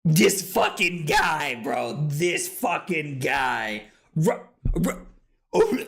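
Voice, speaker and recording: Rowdy, animated tipsy male streamer. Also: high-pitched, measured pace, gravelly. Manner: rowdy, laughing, joking and swearing. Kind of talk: casual livestream chat over a card game. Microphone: streaming microphone.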